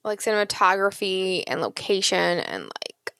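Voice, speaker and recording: A woman's voice: mid-range voice, sing-song, normal speed, creaky, fairly bright tone, clean tone, no echo, clean studio sound. A woman co-hosting a casual podcast chat, hesitant and often trailing off. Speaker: podcast co-host.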